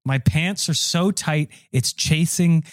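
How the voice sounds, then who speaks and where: A man co-hosts a comedy podcast, his voice sitting a bit high. He jokes in a goofy mock-announcer style, recorded dry and close. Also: slow, no room sound. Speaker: podcast co-host.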